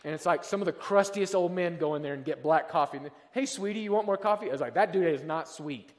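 A male pastor from the American South preaching a sermon in a conversational way, moving between quiet asides and loud, emphatic peaks, in a church sanctuary. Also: fairly high pitch, fast talker. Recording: long reverb of a large hall.

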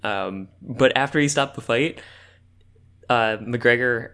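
A man's voice: medium pitch, slow pace, clear, resonant tone. A man co-hosting a casual podcast chat, telling a long story with lots of fillers and laughter. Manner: rambling, animated storytelling with frequent fillers and laughs. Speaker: podcast co-host.

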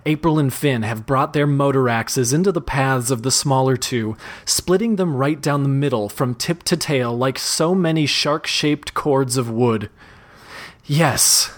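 A man's voice: mid-range voice, a little slow, few pauses. A man reading a parody story aloud, amused and often breaking into laughter. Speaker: reader.

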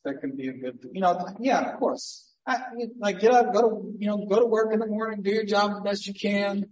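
High-voiced man preaching from a distance. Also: lo-fi sound. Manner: conversational preaching, swings between emphatic and hushed. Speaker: pastor. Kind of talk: sermon.

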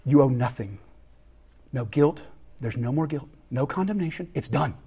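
A man preaching a sermon, swinging between joking, conversational asides and hushed, intense passages. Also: medium pitch, normal speed, slightly rough. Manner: animated preaching with sudden loud peaks and hushed drops. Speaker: pastor.

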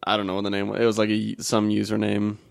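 A man's voice: lowish voice, completely flat delivery, fast, gravelly, dry recording. Young male podcast co-host, casual and jokey, laughs easily, dry close sound. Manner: laughs often, loose and joking. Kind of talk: casual chat.

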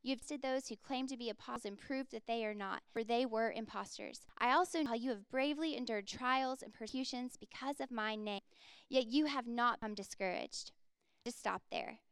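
A woman's voice: fairly high pitch, a little fast, a bit bright, smooth, no echo. A woman in her thirties preaching a sermon as a pastor, earnest and conversational, with frequent casual fillers.

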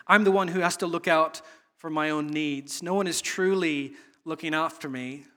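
Guy preaching a sermon, slightly high voice, keeps restarting his sentences. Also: a bit bright. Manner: earnest, repetitive, halting restarts. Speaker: pastor.

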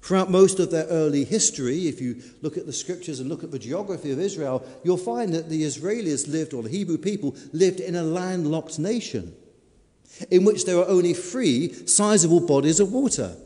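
A man preaches in a storytelling way, leaning hard on his words and then easing off. His voice is mellow and a little higher than usual for a man. It rings out with a long reverb, like in a big hall. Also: animated, moderate pace. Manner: storytelling, dramatic, varied emphasis. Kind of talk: sermon.

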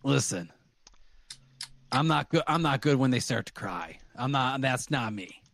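Gruff, defensive guard, voiced by a man, dry close mic. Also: medium pitch, expressive, measured pace, fairly bright tone, no room sound, full character voice. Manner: defensive, offhand.

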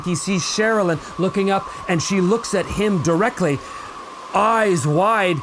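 A man's voice: high-pitched, noisy background. A man narrating a tabletop role-playing game as game master, telling the story dramatically with fillers and restarts.

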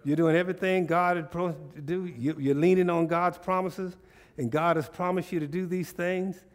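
A male pastor preaching a sermon, animated and repetitive, drawing responses from the congregation. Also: sits high, normal speed.

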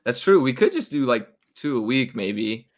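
A man's voice: medium pitch, sing-song, normal speed. A young man co-hosting a casual sports podcast, easygoing and moving the talk from topic to topic. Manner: easygoing, steers to next topic. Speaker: podcast co-host.

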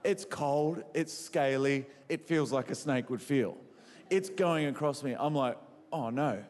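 Australian male preacher, fairly high voice, animated storyteller who works the crowd, echoey hall sound. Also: a little slow. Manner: animated, quizzes the crowd, self-mocking. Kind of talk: humorous sermon storytelling.

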